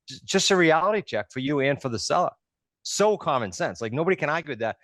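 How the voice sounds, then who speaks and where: A man's voice: mid-range voice, lively intonation, quick pace, fairly bright tone, no room sound. Conversational man hosting a coaching call. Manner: conversational, explains step by step. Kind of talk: coaching on a live group call.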